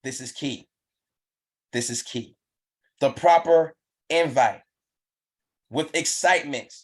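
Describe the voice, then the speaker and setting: Male business trainer, live online session, emphatic and repetitive, pushes the audience to act. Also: fairly high pitch. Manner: pumped-up, urging.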